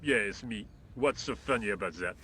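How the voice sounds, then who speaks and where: An idle French workman in an adventure game who answers everything with languid, dry sarcasm. His tone is bright and forceful, and a faint hiss sits under the recording. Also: lowish voice, moderate pace. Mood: indifferent. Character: lazy, indifferent male workman painter. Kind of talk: video game voice acting.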